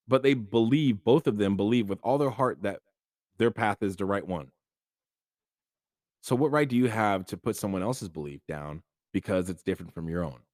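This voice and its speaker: A man with a low voice talks earnestly in a casual podcast monologue, dotted with fillers. The recording is close and dry. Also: darkish tone, no room sound. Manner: earnest, conversational, many fillers. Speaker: podcast host.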